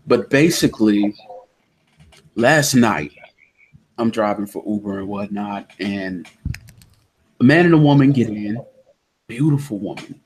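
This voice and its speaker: A man hosting a casual online discussion with a Southern American accent, telling a story in an animated way and acting out the people in it. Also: fairly low pitch, unhurried, pauses often, a little hiss or hum. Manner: animated storyteller, acts out quotes loudly. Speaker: podcast host. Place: indoors during a thunderstorm. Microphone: online call connection.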